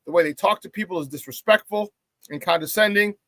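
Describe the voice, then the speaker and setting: A man hosting a sports talk show, telling a story in a casual, animated rant. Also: sits high, no room sound. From Chicago area. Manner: animated storytelling, quick voice changes for quoted people.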